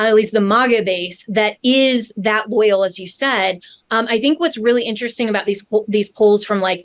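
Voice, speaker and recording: A woman in her thirties hosts a political talk show, her voice pitched a little high. She talks earnestly and steadily, working through points with fillers and restarts. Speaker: host.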